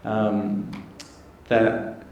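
A man, a priest, giving an earnest, gentle sermon with pauses. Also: lowish voice, monotone, lo-fi sound. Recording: echoey church with faint noise.

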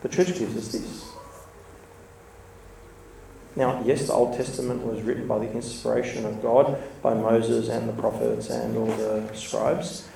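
A man delivers a relaxed, anecdotal sermon full of asides. His voice has a gravelly edge and sits at a middle pitch. He is picked up from across an echoey room with a faint hum of ambience behind him. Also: normal speed, hardly any pauses, recorded from a distance. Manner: chatty, laughs between points, lively storytelling. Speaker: church speaker. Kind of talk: informal sermon with storytelling.

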